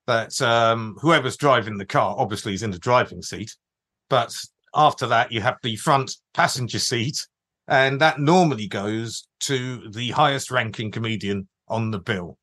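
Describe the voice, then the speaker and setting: A man co-hosting a casual comedy podcast at an ordinary mid pitch. He makes dry, wry remarks while his voice gets a little hoarse. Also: measured pace, fairly bright tone. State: losing his voice. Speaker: podcast co-host.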